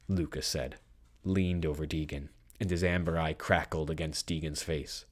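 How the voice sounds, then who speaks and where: Very deep-voiced male story narrator. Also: steady tone, breathy edge. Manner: measured, dramatic reading. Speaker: audiobook narrator.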